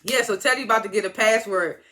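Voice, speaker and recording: A TV episode reviewer giving a casual, animated recap, often correcting themselves and breaking into excited exclamations. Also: medium pitch, fast talker. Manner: animated, rambling, self-correcting.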